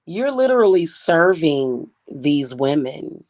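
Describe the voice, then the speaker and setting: A young woman, a spiritual reader and vlogger, vents in an angry, profane monologue, blunt and scornful. Her voice is low-pitched with big pitch swings and a darkish tone, she takes it slowly, and there's no echo.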